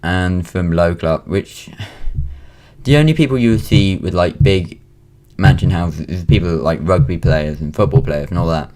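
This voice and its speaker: A man's voice: deep voice, a little slow, darkish tone, soft background music. A young man in his late teens from Wales, with a British accent, rambling through a casual vlog monologue with frequent ums and restarts, recorded at home. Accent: British English. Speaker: vlogger.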